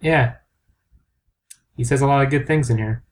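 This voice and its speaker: A man's voice: medium pitch, moderate pace. Male podcast co-host; playful teasing, loose joking banter. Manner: riffing, teasing, mock-dramatic announcer bits. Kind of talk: casual banter.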